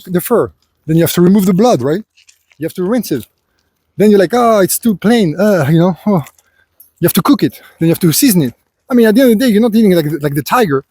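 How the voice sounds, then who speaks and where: This vlogger's voice sits high yet has a dark, slightly rough tone, captured on a dry recording. He speaks without a script, wandering through his thoughts with plenty of filler while lecturing the listener, whom he calls "son".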